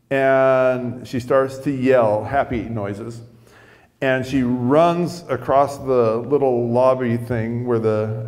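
A male pastor tells a story from the pulpit in a relaxed, conversational way, often pausing and restarting. His voice sits at an ordinary middle pitch. A long reverb from a church hall trails each phrase. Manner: conversational, self-deprecating, repeats and restarts. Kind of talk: storytelling sermon. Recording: echoey hall.

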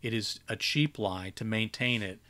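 A man's voice: lowish voice, normal speed, bright, forceful tone. A man voicing a weary, jaded old male wizard who growls and lectures dismissively.

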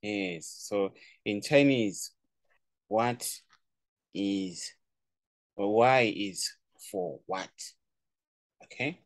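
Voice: low-pitched, extremely slow, pauses often, no room sound. A Chinese tutor on a video call, giving a casual online language lesson, playful, laughing often and repeating words for drill.

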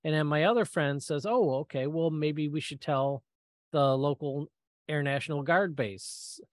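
Animated storytelling man, dry close sound. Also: a little high, unhurried, dry recording. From Michigan, US. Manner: animated, acts out quoted voices, many fillers. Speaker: guest speaker. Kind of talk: storytelling talk.

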